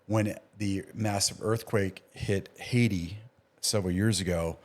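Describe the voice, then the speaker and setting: Low-voiced man telling animated stories. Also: a little slow. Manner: animated storyteller, acts out quoted dialogue. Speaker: emergency physician guest. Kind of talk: casual storytelling interview.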